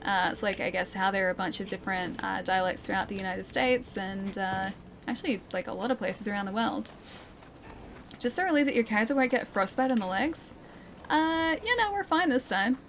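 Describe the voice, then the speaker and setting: A woman's voice: mid-range voice, brisk, fairly bright tone, slight background noise. An Australian woman streaming a game live, chatting playfully, laughing often and answering her chat. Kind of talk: live gameplay commentary, reading chat.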